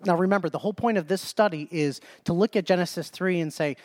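A man's voice: sits high, quick pace, no echo, studio quality. A man preaching a Bible study sermon in an emphatic way, often repeating phrases and restarting mid-sentence.

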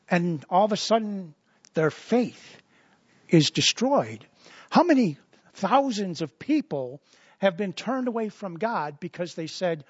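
A man's voice: high-pitched, animated, measured pace, darkish tone, breathy edge, no echo, dull audio. A man preaching a sermon as a pastor, in a conversational style full of repetitions and asides.

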